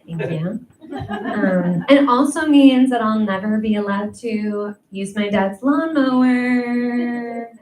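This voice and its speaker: A woman's voice: mid-range voice, slow. A young adult woman doing a stand-up comedy set, self-deprecating and chatty, with lots of "um" and "like.". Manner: chatty, self-deprecating, many ums and likes. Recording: echoey room, mic at a distance, faint noise.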